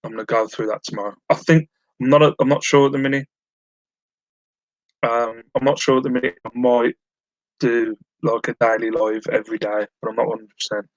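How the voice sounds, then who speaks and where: In a casual home live stream, a man rambles and pokes fun at himself while reading out what his viewers send in. His medium-pitched voice is steady and fairly quick. The sound is lo-fi, with no room sound.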